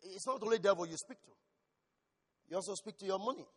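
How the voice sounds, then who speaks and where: Pastor, male, preaching voice with shouted peaks, high register, long hall echo. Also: fast talker, slightly rough. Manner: asks the congregation questions. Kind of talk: sermon.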